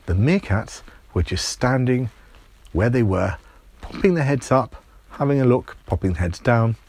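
Husky man telling a bedtime story. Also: mid-range voice, measured pace, darkish tone, no room sound.

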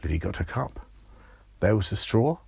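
Male storyteller, lively children's tale, husky voice, dead dry room. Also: lowish voice, normal speed, dry recording. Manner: lively, building suspense, playful. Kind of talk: improvised children's story narration.

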